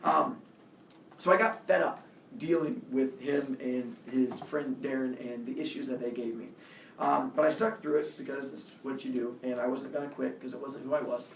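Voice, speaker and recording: A man casually telling a personal story as a podcast host, animated, acting out quotes with loud jumps. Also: medium pitch, moderate pace, a little hiss or hum. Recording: echoey room, mic at a distance.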